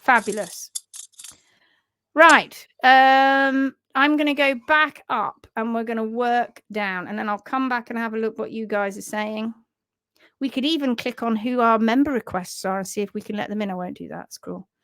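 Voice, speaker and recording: High-voiced, chatty woman host. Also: moderate pace, a bit bright, slight background noise. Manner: chatty, giggly, upbeat. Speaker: host of a horse care live show. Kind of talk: casual live-stream chat.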